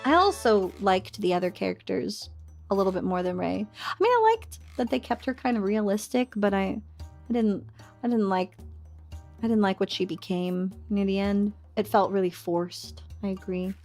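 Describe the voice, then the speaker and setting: A young woman streamer chatting casually with her viewers, ranting in an animated, exaggerated way. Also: medium pitch, moderate pace, faint music behind. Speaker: VTuber streamer. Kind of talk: casual chat with live chat.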